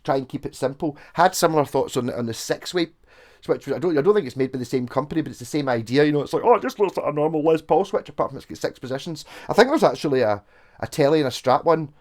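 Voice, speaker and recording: A man's voice: medium pitch, darkish tone. A Scottish man chatting frankly through a guitar review, rambling and swearing freely. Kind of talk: casual gear review chat.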